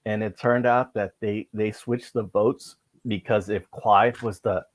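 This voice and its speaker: A man in casual chat on a live stream who talks haltingly, restarting and repeating words. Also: lowish voice, fairly even intonation, dry recording.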